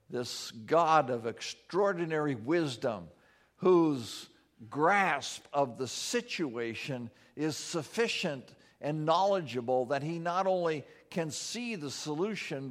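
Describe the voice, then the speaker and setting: Earnest male pastor preaching. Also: on the high side. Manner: earnest preaching, slows for emphasis, drops soft in prayer. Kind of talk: sermon.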